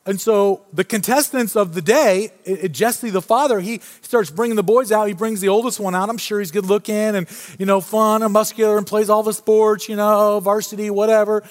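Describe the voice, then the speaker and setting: A man's voice: high voice, steady tone, a little fast, hardly any pauses. A male pastor preaching a casual, story-driven sermon in a church auditorium, often restarting his phrases. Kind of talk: conversational sermon. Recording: long reverb from a large hall.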